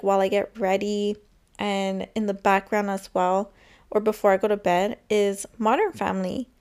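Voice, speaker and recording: A woman's voice: mid-range voice, darkish tone, clear, resonant tone. A young woman hosting her own podcast, chatting casually and rambling with lots of filler words. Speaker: podcast host. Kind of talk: casual solo podcast chat.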